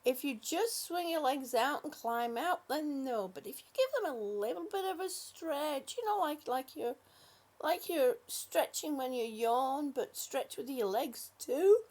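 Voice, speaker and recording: Lady on a livestream reading out comments, high voice, takes her time, calls everyone honey. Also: expressive, unhurried, a little mellow. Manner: affectionate, calls viewers honey and sweetie. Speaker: livestream host. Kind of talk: casual livestream chat reading viewer comments.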